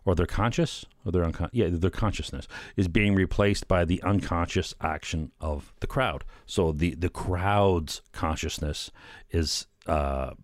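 Middle-aged man, deep voice, dry close sound, loose wry chat about a book, keeps checking "right?". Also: a little slow, no room sound. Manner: rambling, fillers, keeps asking "right?"; chuckles often, wry. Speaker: solo commentator. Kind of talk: casual rambling book commentary.

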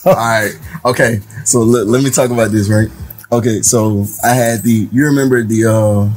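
A man's voice: fairly low pitch, steady tone, moderate pace, a little mellow, rough recording. A young man co-hosting a casual podcast, laid-back and a little sheepish as he tells a story. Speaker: podcast co-host. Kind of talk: casual chat.

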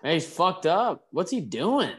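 A man co-hosting a podcast, relaxed and joking crudely while he watches a wrestling match, laughing often. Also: on the high side, takes it slowly. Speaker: podcast co-host. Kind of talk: casual watchalong chat.

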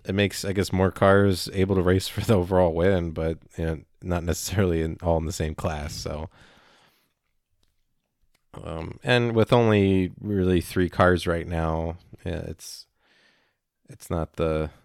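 A man chatting casually as a podcast co-host, rambling and halting with many fillers. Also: deep voice, fairly even intonation, vocal fry, a little mellow, dry recording, clean studio sound. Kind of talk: casual chat.

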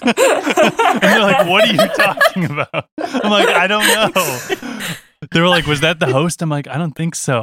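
A young man, a touring musician, telling a story in an animated, casual way with lots of restarts and laughs. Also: mid-range voice, no echo, clean studio sound.

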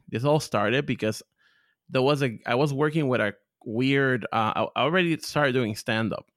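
A man speaking English with a Spanish accent, a podcast guest telling stories in a lively, profane, joking way. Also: no room sound, clean studio sound. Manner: animated storyteller, big pitch jumps, profane. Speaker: podcast guest, content creator. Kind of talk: casual interview chat.

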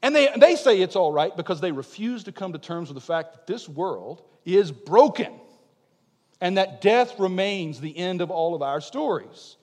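A young man preaching a sermon, swinging between loud, urgent declarations and quiet, conversational asides. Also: high voice, expressive, normal speed. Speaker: pastor. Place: church sanctuary. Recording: long hall reverb.

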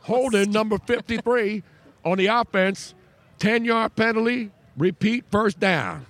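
A man putting on a Southern drawl to play a football referee calling a penalty in a slow, booming voice. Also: a bit bright, dry recording. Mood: announcing. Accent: Southern US drawl, put on.

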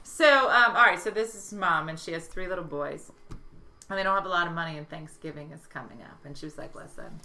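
A woman comedian in casual chat, telling jokes and acting out the characters' voices. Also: fairly quick. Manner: animated joke-teller, acts out voices with big pitch jumps. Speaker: comedian guest.

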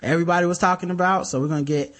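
Young male co-host, somewhat high voice, loose and profane, rambling chat with plenty of fillers. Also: steady tone, very fast, fairly bright tone. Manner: laid-back, rambling, profane, with many fillers. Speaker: podcast co-host. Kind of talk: casual podcast chat.

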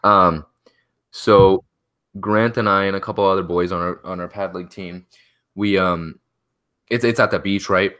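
A man's voice: sits low, fairly even intonation, measured pace, pauses often, fairly bright tone. A young man in his late teens on a casual podcast, telling a story with many restarts and fillers. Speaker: podcast co-host. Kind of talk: casual chat.

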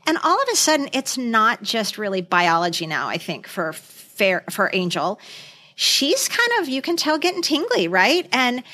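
A woman co-hosting a podcast, casually retelling film scenes in lively detail. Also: on the high side, normal speed. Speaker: podcast co-host.

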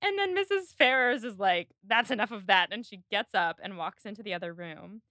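A woman's voice: mid-range voice, animated, brisk, a bit bright. A woman hosting a podcast, chatting casually as she retells film scenes with lots of "like". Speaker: podcast host. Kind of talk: casual chat recapping a film.

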